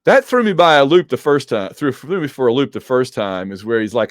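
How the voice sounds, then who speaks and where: Animated man reviewing comics. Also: mid-range voice, brisk, hardly any pauses, dry recording, clean studio sound. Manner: animated and digressive, joking asides. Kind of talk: casual commentary.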